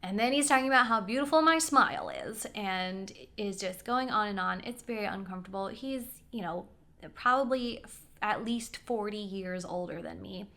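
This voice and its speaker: Bright-voiced young woman telling stories. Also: medium pitch, moderate pace. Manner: chatty, animated storytelling with quoted voices and asides. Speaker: vlogger. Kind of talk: casual storytelling.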